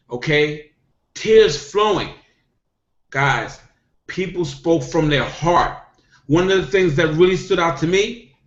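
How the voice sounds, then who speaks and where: A middle-aged network marketing distributor talks in a somewhat high voice at a motivational hangout, pressing his points emphatically and circling back with a repeated "okay?". The video-call audio is dull and lo-fi, and the room around him echoes.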